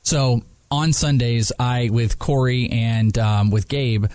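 A man's voice: slow pace, dry recording. A man hosting a sports talk podcast, telling stories in casual banter, acting out quotes in a raised voice and laughing often. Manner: animated storyteller, acts out quotes in a high voice, laughs often. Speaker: podcast and radio host.

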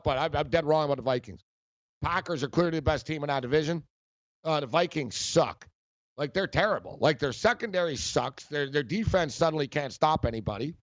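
Sports rant host dude, kinda high voice, mocking and heated, dry lo-fi audio. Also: male voice, no room sound. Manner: heated, mocking, repeats himself. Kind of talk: ranting sports commentary.

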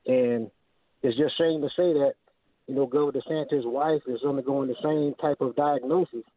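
Halting man on a phone line. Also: medium pitch, fairly even intonation, no room sound. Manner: hesitant, halting, polite. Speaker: caller. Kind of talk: phone-in comment. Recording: tinny dry phone line.

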